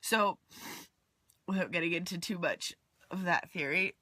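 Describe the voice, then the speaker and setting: A woman's voice: lowish voice, measured pace, bright, forceful tone, no room sound. A woman vlogger talking about a dream in a rambling, heartfelt way, full of fillers, sometimes dropping to a near whisper. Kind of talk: personal confessional vlog.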